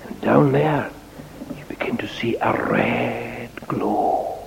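A man with a gravelly voice gives a children's sermon in an unhurried, animated, sing-song manner. His voice carries a long reverb, as if recorded in a large hall. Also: medium pitch, a little hiss or hum. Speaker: preacher giving a children's talk.

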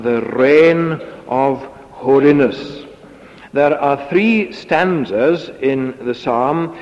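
A man preaching an expository sermon in a measured, deliberate way, on a dull recording with a long echo. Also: mid-range voice. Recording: dull lo-fi tape in echoey hall.

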